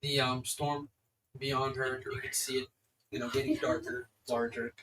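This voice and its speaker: A man's voice: mid-range voice, flat delivery, normal speed, fairly bright tone, recorded from a distance, slight background noise, low-quality recording. A man running a tabletop game as game master, describing scenes in a casual, rambling way.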